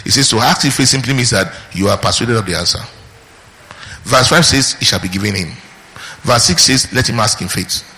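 A man preaching a sermon, teaching through scripture with questions put to the congregation and pauses on key words. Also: mid-range voice, expressive, pushed and bright, big-room sound, low-quality recording.

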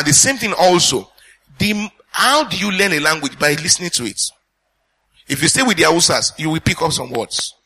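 A male pastor teaches through his sermon, his voice husky and pitched a little high. He sounds bright and tense as he puts questions to his listeners. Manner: earnest teaching preacher, addresses congregation with questions.

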